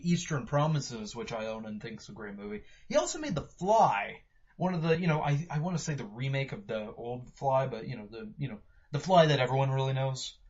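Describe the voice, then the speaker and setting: A man's voice: medium pitch, a little mellow, husky. A man casually reviewing a movie for a podcast, rambling with many fillers and restarts. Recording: dull lo-fi home recording.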